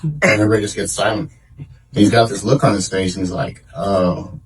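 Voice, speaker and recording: A man's voice: fairly low pitch, fast, slightly rough. A man doing a stand-up comedy set on a club stage, telling stories in a laid-back, rambling way with lots of fillers. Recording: distant mic, loud audience laughter. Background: audience laughing.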